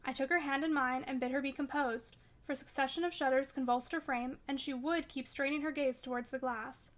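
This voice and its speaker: A woman narrating a classic novel aloud in a measured, steady way. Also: high-pitched. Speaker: audiobook reader.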